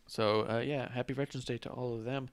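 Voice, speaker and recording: A man's voice: mid-range voice, fairly even intonation, fast talker, no room sound. A young adult man from the United States hosting a casual wrestling podcast, joking loosely and drinking on air. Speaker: podcast host.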